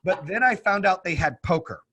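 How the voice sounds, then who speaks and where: A podcast host tells stories in casual chat, animated and acting out quotes. His voice is a bit high, he talks a little fast, and there's slight background noise.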